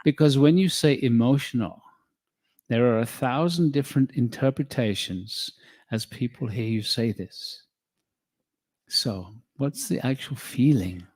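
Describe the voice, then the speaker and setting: Man, spiritual teacher, unhurried and measured delivery, mid-range voice. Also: mid-range voice, slightly rough. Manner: measured, calm, addresses listeners as beloved. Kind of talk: slow guided spiritual teaching.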